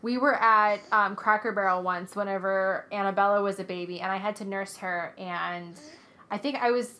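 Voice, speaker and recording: Woman co-host, bright tone, jumps in to finish the other speaker's lines. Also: mid-range voice, steady tone, normal speed, slight background noise. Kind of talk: casual chat.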